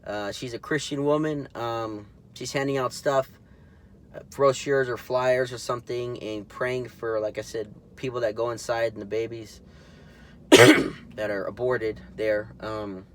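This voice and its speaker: A man's voice: mid-range voice, steady tone, a little slow. A man hosting his own political commentary show, talking casually and indignantly with lots of fillers and restarts. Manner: rambling, full of fillers and restarts; indignant, mocking.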